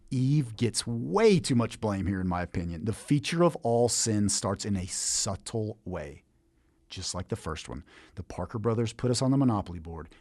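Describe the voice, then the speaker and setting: A man's voice: mid-range voice, a little mellow, no echo, clean studio sound. Playful man teaching the Bible. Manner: playful, jokey, asks rhetorical questions. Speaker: Bible teacher, podcast host. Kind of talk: casual Bible teaching monologue.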